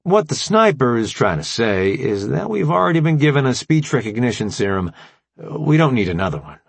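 An easygoing soldier smoothing things over, calm and a little raised, with a husky, gravelly tone, as a male narrator does him. Dry, close sound. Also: mid-range voice, normal speed, no echo, exaggerated voice.

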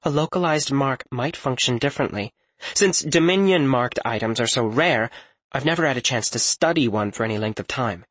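A man's voice: mid-range voice, animated, brisk, fairly bright tone, no room sound. A man voicing a thoughtful young woman scholar in an audiobook, reasoning through a puzzle carefully. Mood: analytical. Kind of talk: audiobook character voice.

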